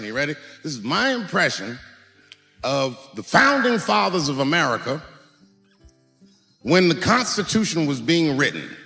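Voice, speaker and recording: A man doing profane, animated stand-up storytelling on stage with a handheld mic, punching up lines with sudden shouts. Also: a little high. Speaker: stand-up comedian. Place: stage in a large venue. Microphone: handheld microphone. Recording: echoey live venue.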